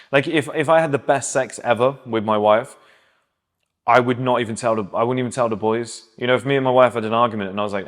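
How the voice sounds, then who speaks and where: A man's voice: mid-range voice, steady tone, quick pace. Blunt man in his thirties. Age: 30s. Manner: blunt, emphatic, conversational. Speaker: dating advice host. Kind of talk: casual advice monologue.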